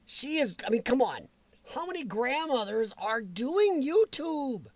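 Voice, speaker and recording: A man hosting a casual livestream, answering viewers' comments in a chatty, animated way with frequent chuckles. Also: extremely high pitch, measured pace. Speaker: livestream host.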